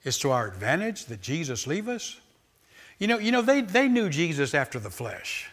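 A man preaching a sermon with a fairly high voice and a bright, tense edge. He pushes hard on key words, repeats phrases for emphasis, and breaks in with cries of praise. He speaks to a congregation gathered in church. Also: wildly swooping pitch, moderate pace. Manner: exclamations of praise between points. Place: church service before a congregation.

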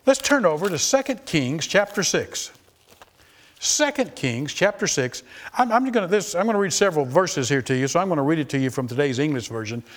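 A man preaching a sermon, reading scripture and acting out the quoted voices with lots of repetition. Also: a little high. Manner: animated, repeats phrases, acts out quoted voices.

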